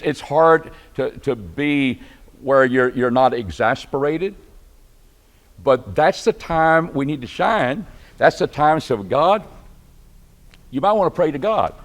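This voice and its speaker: A man's voice: mid-range voice, very animated, measured pace. A man with a Texan accent teaching a church Bible class, conversational and asking his listeners questions. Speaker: preacher.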